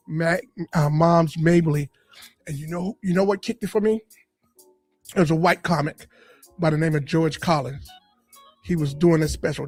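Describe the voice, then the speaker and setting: A comedian in a podcast interview, a man with a high voice, walks through his past in a lively storytelling style. He acts out the voices of the people he talks about. Faint music plays under his voice. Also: dry recording, clean studio sound. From Boston area. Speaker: comedian and radio personality guest. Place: podcast studio.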